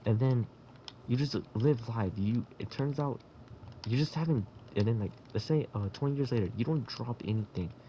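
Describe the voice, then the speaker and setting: A man's voice: medium pitch, normal speed, mellow, a little hiss or hum. A man in a casual voice chat, rambling through absurd hypothetical stories.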